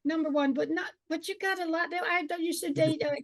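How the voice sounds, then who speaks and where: An older woman telling lively stories as an alumna panelist on a video call. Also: extremely high pitch, fairly quick, no room sound. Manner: lively, animated storyteller.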